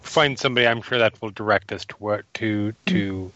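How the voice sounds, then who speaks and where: A man's voice: lowish voice, fairly quick, bright, forceful tone. A man playing a tabletop game, speaking in a playfully formal in-character way. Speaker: player. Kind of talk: casual tabletop chat. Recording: dry, dull lo-fi recording.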